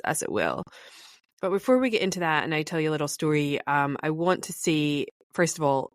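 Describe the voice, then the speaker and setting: A woman's voice: sits low, dry recording, studio quality. A woman with a Scottish accent hosting her own solo podcast, talking in an enthusiastic, chatty way with many fillers. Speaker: podcast host.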